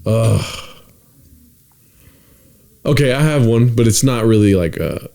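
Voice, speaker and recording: Casual, animated man telling a story. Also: mid-range voice, takes it slowly, gravelly. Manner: animated storyteller, acts out quotes, swears casually. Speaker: podcast co-host.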